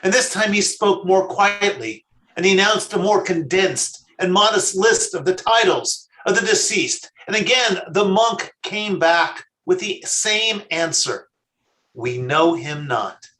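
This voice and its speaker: Rabbi guy, pretty high voice, telling a sermon story slow and steady, echoey room.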